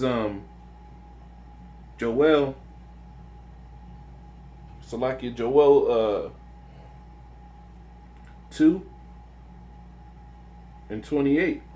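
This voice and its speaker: Man, mid-pitched, informal faith testimony, earnest and chatty, light hum behind. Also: slow pace, long pauses, darkish tone. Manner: earnest and conversational, with many restarts and "man". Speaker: religious video speaker. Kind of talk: informal religious testimony and scripture reading.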